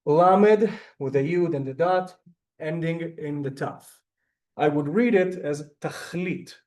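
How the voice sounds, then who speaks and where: A man with a somewhat high, slightly mellow voice teaches a Hebrew class over a video call. He is talkative and courteous, often apologizing and addressing people as ma'am.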